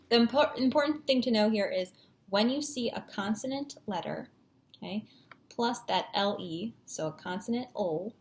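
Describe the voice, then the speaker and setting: A woman's voice: medium pitch, a little hiss or hum. A woman teacher giving a patient, encouraging phonics lesson at a whiteboard, sounding out syllables.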